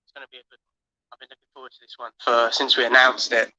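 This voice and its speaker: A man's voice: mid-range voice, level tone, quick pace, sharp tone, no echo, low-quality recording. An English man co-hosting, plugging tomorrow's show in an upbeat, rambling way. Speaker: co-host. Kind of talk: show promo.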